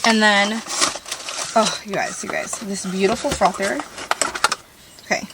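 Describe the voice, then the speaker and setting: A woman's voice: medium pitch, fairly even intonation, unhurried. A woman vlogging about van life in casual chat, bubbly and gushing, rambling with fillers. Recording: noisy handheld recording.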